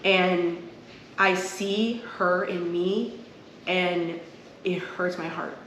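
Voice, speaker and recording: A woman's voice: lowish voice, steady tone, very slow, a bit bright. A woman co-hosting a podcast, telling personal stories in an earnest, open, emotional way. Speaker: podcast co-host. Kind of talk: casual chat. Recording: echoey room, faint noise.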